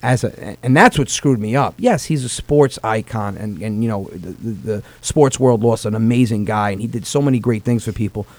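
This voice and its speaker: A man's voice: fairly low pitch, normal speed, hardly any pauses, darkish tone, dry recording. A man in his thirties with a New York-New Jersey Italian-American accent, speaking earnestly and emotionally on a comedy podcast, swearing and repeating words as he gets worked up.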